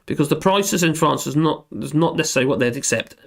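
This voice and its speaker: A hoarse man rambling and joking through a casual livestream chat, reading out comments. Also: on the high side, quick pace. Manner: rambling, self-deprecating, laughs often. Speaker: livestream host.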